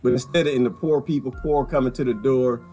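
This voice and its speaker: A man talking casually to his viewers about politics, animated, often breaking into laughter and repeating his phrases. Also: mid-range voice, fast talker, soft background music. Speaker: vlogger.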